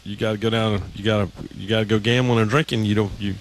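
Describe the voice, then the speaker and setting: A man's voice: fairly low pitch, level tone, fast, slight background noise. A man co-hosting a radio show, chatting casually and telling stories with many restarts. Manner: rambling, storytelling with many restarts.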